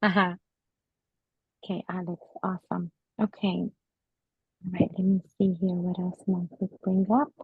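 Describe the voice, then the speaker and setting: Soft-spoken woman doing a psychic reading. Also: on the low side, flat delivery, measured pace, long pauses, breathy edge, dry recording, phone-quality sound. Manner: gentle, hesitant, emotional, many fillers. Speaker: psychic medium. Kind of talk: gallery reading to an audience member.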